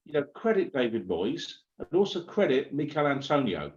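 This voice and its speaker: A man's voice: mid-range voice, sing-song, normal speed. A man on a live football panel, optimistic and hesitant, with lots of fillers. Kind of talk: live match chat. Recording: lo-fi home audio.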